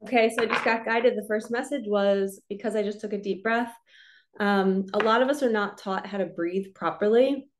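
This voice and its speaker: A woman, a spiritual coach, giving a relaxed, chatty card reading and talking her listeners through slow belly breathing. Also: mid-range voice, a little hiss or hum. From New Jersey. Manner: relaxed, chatty, reassuring, lots of "like" and "so".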